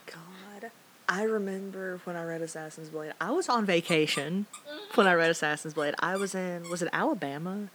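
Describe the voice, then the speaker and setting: A young woman cohosting a casual podcast chat, telling animated stories and swearing freely. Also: on the low side, normal speed. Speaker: podcast co-host. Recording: faint hiss.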